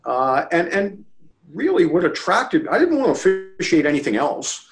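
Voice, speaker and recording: A man's voice: high-pitched, moderate pace, low-quality recording. A man guest in a casual interview, from the Baltimore area, telling a story and acting out quotes. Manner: animated storyteller, acts out quotes. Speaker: interview guest, lacrosse official.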